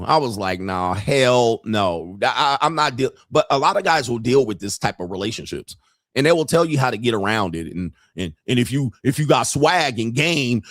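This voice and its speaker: A male livestream host in a crude comedic rant, animated and acting out the people he talks about. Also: mid-range voice, no room sound, studio quality.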